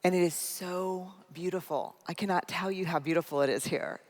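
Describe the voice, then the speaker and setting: A woman's voice: fairly low pitch, moderate pace. A middle-aged woman giving a humorous, self-deprecating keynote talk, telling a personal story and speaking directly to the audience in a large conference hall. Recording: long hall reverb.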